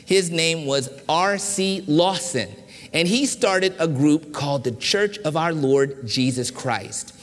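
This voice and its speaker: A man's voice: fairly high pitch, slow, long reverb tail. A middle-aged man from Washington, D.C., preaching a sermon in a church and telling personal stories with humor, varied pacing and emphasis. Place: church sanctuary.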